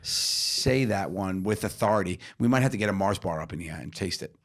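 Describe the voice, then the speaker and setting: A man co-hosting a comedy podcast, chatting casually in an animated, joking way, laughing often and swearing freely. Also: deep voice, brisk. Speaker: podcast co-host.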